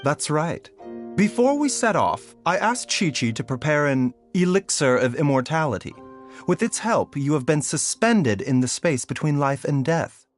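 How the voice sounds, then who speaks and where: A composed, curious doctor who speaks with measured, softly amused calm. His pitch moves in lively swings across each line. Faint game music plays behind him. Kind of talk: game voice acting.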